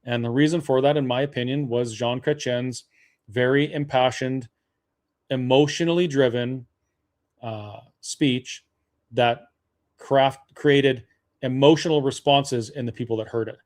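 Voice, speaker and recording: A man's voice: mid-range voice, steady tone, a little slow, darkish tone. A man from Alberta hosting a webinar, arguing a political case point by point with frequent fillers and restarts. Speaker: webinar host. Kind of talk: persuasive political talk.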